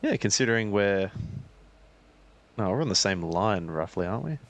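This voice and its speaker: A man's voice: on the low side, lively intonation, normal speed. A man co-hosting a podcast in casual banter, with dry, teasing remarks. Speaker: podcast co-host.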